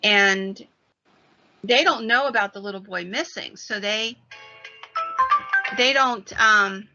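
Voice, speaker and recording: Woman podcast host, paranormal storyteller; gravelly, lo-fi. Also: mid-range voice, slow, faint music behind. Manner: animated retelling of a story. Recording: dull lo-fi sound.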